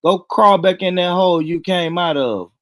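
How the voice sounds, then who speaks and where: An American man co-hosting a livestream, loud and teasing, laughing often in casual banter. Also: high-pitched, normal speed, dry recording. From United States. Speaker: stream co-host.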